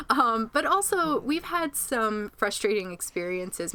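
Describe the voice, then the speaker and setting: A woman guest on a podcast with a scratchy voice. She is animated, laughs often and rambles. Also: on the low side. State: scratchy voice after illness. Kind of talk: casual chat.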